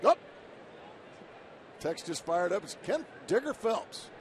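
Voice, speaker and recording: A man's voice: high-pitched, very animated, slow pace, a little hiss or hum. A man giving color commentary on a baseball broadcast in easygoing, conversational banter. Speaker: color analyst.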